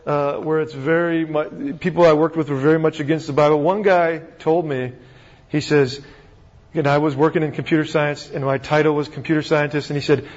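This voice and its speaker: Male pastor, higher-than-average voice, chatty sermon full of restarts and questions, dull lo-fi sound. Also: fairly even intonation, fairly quick. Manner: conversational, asks rhetorical questions, frequent restarts. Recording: dull recording in a reverberant hall.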